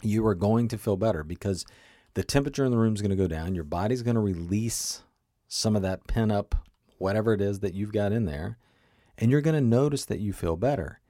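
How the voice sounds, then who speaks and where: Earnest low-voiced male coach. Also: a little fast, warm tone, no echo, studio quality. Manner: earnest, repetitive, asks the listener questions. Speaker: teacher. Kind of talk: coaching talk on emotional regulation.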